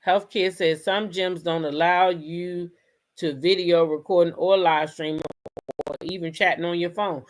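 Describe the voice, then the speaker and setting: Blunt, profane woman host chatting through commentary; slightly low voice. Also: fairly even intonation, unhurried. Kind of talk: casual commentary.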